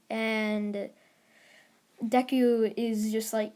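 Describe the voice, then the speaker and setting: A woman's voice: fairly high pitch, steady tone, moderate pace, a little mellow. A woman casually retelling a fan story for her channel, rambling and correcting herself as she goes. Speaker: YouTuber storyteller.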